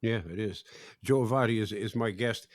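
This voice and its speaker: A middle-aged man hosting a podcast and asking searching, halting questions. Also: fairly low pitch, no room sound, clean studio sound. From Canada. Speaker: podcast host. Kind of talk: interview and ad read.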